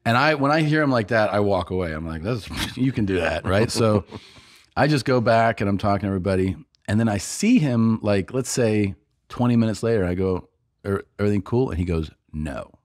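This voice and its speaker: Low-voiced man telling a story, dry sound. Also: fairly quick, dry recording. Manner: animated storyteller, acts out others' lines, laughs often. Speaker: podcast co-host and comedian. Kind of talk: casual storytelling chat.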